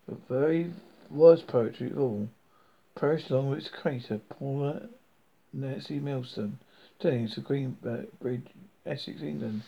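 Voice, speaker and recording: A man reading a novel aloud in a halting, self-correcting way. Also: mid-range voice, vocal fry, mellow, breathy edge, highs cut off. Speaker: reader.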